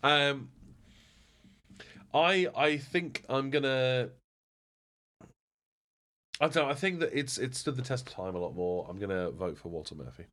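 A man's voice: mid-range voice, expressive, a little slow, long pauses, a bit bright. A man chatting casually at home as a podcast co-host, rambling and laughing as he acts out stories. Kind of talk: casual chat. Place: home, indoors.

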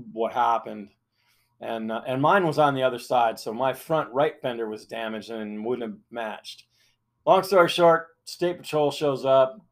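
Rambling man telling a camping story. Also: medium pitch. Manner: rambling with fillers and restarts. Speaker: podcast host. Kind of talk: casual storytelling.

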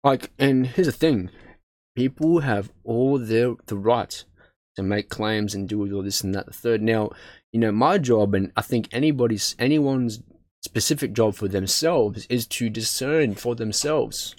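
Reading aloud unhurriedly in a medium-pitched, somewhat mellow voice, a man frequently stumbles and self-corrects. He laughs at himself, swears, and wanders into chatty side comments. The recording is dry.

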